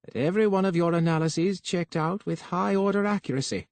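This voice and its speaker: Man voicing a brisk, higher patronizing boss. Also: a little mellow, no echo. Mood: jovial. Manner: brisk, patronizing, calls him boy.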